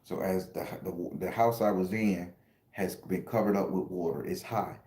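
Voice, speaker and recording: A middle-aged man who hosts a spiritual channel and reads tarot tells an emotional story on a livestream, speaking to viewers directly in slangy, casual talk. His low, darkish voice moves at a normal speed with a reverberant sound.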